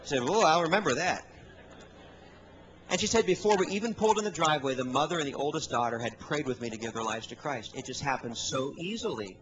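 Middle-aged male preacher, high-pitched, energetic storyteller at a church service. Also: quick pace, slight background noise, poor audio. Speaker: guest preacher. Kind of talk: sermon.

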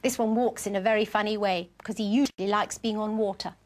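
Talking to little kids on a children's television show, this presenter is playful and gently coaxing, like a sing-song teacher. Her medium-pitched voice is fairly even and quick, and the recording is very noisy.

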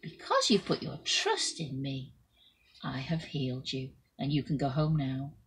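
A woman voicing a kind male healer, speaking slowly, gently and solemnly. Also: extremely low pitch, breathy edge, full character voice. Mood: gentle.

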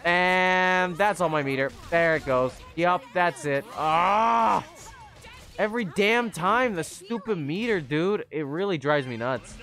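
An excitable young male streamer with a slightly higher-pitched voice, swearing freely and shouting at the game as it goes wrong. Faint game music plays softly behind him. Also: measured pace, few pauses. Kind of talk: live gameplay commentary.

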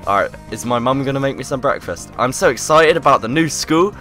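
A man's voice: mid-range voice, expressive, brisk, a bit bright, soft background music. A man giving upbeat, joking commentary while playing a game. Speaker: YouTuber. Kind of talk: casual gameplay commentary.

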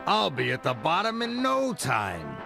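A man's voice: a little high, huge pitch swings, unhurried, gravelly, full character voice. A man voicing a boastful old male steam engine in a fan-made storybook dub, with music behind him. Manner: boastful, then remorseful.

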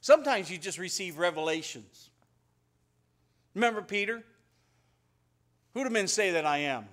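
A pastor telling Bible stories in a conversational sermon and acting out the dialogue. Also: male voice, high voice, expressive, moderate pace, fairly bright tone. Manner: conversational storytelling, acts out biblical dialogue. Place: church.

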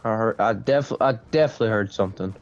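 A woman voicing a suspicious male store worker who searches the aisles at night, speaking low and wary in a game role-play. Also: quick pace, highs cut off.

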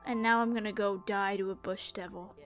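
A young adult woman giving casual gameplay commentary, excitable, pleading with and cursing at the game as she plays. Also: medium pitch, fairly quick, music in the background. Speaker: gaming YouTuber.

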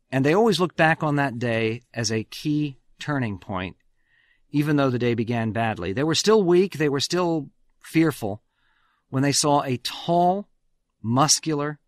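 A man's voice: mid-range voice, no room sound, clean studio sound. A man hosting a radio history program, telling the story with emphatic, swelling stresses on key words. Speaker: radio host.

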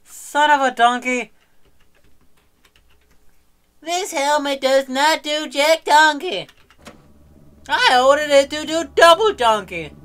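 A young man commentating a game he is playing, yelling in sudden bursts and muttering quietly in between, swearing and joking. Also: extremely high pitch, expressive, unhurried. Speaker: gaming commentator. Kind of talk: let's play commentary.

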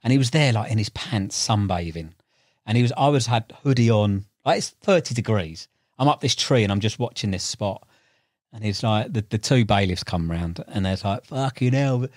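A young podcast guest with a fairly low voice tells carp fishing stories at a moderate pace, recorded in echo-free studio quality. The chat is casual and animated, with acted-out quotes, frequent fillers, and plenty of slang.

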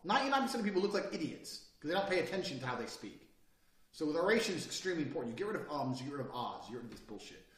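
A man's voice: fairly high pitch, sing-song, rapid-fire. Blunt cursing guy in his 30s giving a pep-talk lesson, voice swings all over, kinda far from the mic. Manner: blunt, brash and forceful, swearing freely. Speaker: course instructor. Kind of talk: profane motivational lecture. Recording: roomy sound, mic at a distance.

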